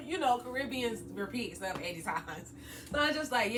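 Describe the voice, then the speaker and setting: A young woman vlogger telling a story in an animated, slangy way, laughing often. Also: medium pitch, normal speed, far from the mic, background noise. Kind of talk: storytime vlog.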